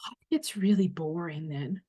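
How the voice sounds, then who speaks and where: A woman in her thirties with an Australian accent, hosting a solo podcast as a coach and talking loudly, frankly and conversationally. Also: on the low side, moderate pace, slightly rough. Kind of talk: reflective solo podcast monologue.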